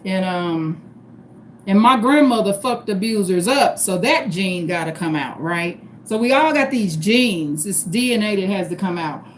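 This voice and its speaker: A woman's voice: medium pitch, animated, measured pace, slight background noise. A middle-aged woman, hosting a livestream in blunt, profane casual talk that keeps calling her viewers y'all. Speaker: livestream host.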